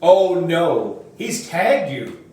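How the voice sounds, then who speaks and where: A man's voice: on the high side, big pitch swings, drawn-out words, darkish tone, a little hiss or hum, voice pushed up, full character voice. A man voicing a sneaky, teasing schoolboy bully in a storybook reading, recorded in an echoey room from far off. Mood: taunting. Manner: whispery, teasing. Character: sneaky taunting boy bully.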